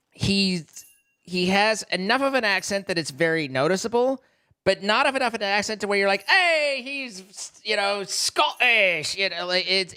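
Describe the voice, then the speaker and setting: A man's voice: fairly high pitch, bright, forceful tone. A man with an American accent chatting casually on a live stream, rambling and restarting sentences while joking with his chat.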